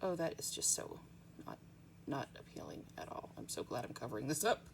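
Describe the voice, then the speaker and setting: A woman's voice: rumbling low, very animated, fairly quick, gravelly, slight background noise. A woman chatting casually through a nail art tutorial at home, rambling with frequent ums.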